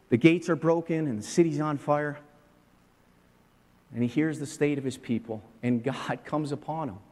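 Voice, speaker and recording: A man preaching a sermon as pastor, swinging from hushed, slow words to soaring, emphatic ones. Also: a little high, in a large hall.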